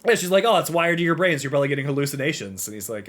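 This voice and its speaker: A man's voice: a little high, sing-song, very fast, a bit bright. A man co-hosting a podcast, casually recapping a game and acting out the characters' lines. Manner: rambling, acts out character lines. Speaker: podcast co-host.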